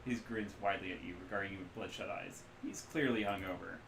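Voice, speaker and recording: A man's voice: deep voice, steady tone, fast, gravelly, fairly bright tone, slight background noise. A man streaming, casually reading out a text game and adding his own asides. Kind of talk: live-stream game narration. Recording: roomy echo.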